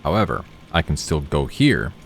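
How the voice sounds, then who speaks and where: A man's voice: rumbling low, big pitch swings, moderate pace, slight background noise. A man streaming a game, reading in-game notes aloud and chatting casually as he plays. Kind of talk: casual gameplay commentary. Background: game music.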